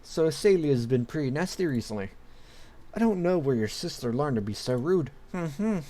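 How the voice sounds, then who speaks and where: A man's voice: a little high, lively intonation, moderate pace, warm tone, close to an everyday voice. A man reading the lines of a firm, fatherly king in a plain voice.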